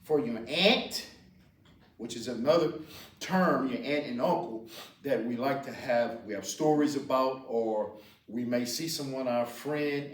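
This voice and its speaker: Louisiana man, patient teacher, repeats words slowly; roomy sound, set back from the mic. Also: mid-range voice. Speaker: Cajun French teacher. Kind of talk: slow spoken language lesson. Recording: roomy echo, distant mic.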